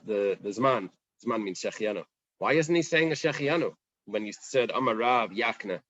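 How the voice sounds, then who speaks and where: A man's voice: on the low side, dry recording, muffled recording. Conversational man teaching Talmud. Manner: conversational, animated, acts out the Gemara's questions. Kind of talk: casual Daf Yomi Talmud class.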